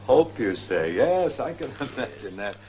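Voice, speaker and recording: A man's voice: mid-range voice, sing-song, unhurried, darkish tone, slight background noise. An older man hosting a scripted comedy sketch, easygoing and wryly amused. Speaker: show host.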